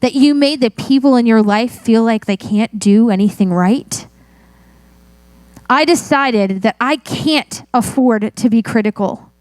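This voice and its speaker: A woman's voice: fairly high pitch, measured pace, darkish tone, no room sound. A middle-aged woman pastor preaching a sermon in a chatty, self-mocking storytelling way.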